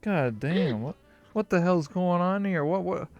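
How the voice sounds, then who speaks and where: A man's voice: high-pitched, lively intonation, a little slow, muffled recording. A man hosting a casual interview show, talking in a laid-back, slangy, joking way. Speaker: host. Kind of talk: casual chat.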